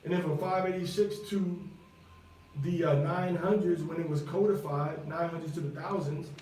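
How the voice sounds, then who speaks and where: A man's voice: fairly high pitch, darkish tone, slight background noise. Echoey New man teaching scripture. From New York. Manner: conversational, repeats himself, many fillers. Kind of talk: Bible teaching. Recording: very echoey room, voice from far off.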